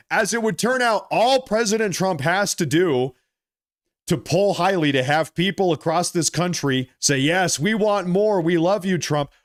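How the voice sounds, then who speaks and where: A man hosts a political commentary vlog, speaking in a mocking, animated style and stretching out his emphasis. His voice sits on the high side.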